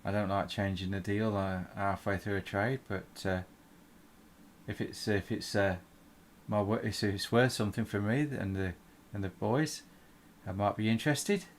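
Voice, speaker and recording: A man voicing a gruff, guarded male halfling fence who talks tersely and warily. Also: lowish voice, fairly even intonation, moderate pace, slight background noise, natural voice.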